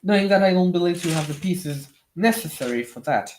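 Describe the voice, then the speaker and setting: A live streamer chatting casually while building with LEGO, answering viewer comments in slightly awkward non-native English, with lots of pauses and restarts. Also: mid-range voice, lively intonation, darkish tone, a little hiss or hum. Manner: hesitant, many fillers and restarts.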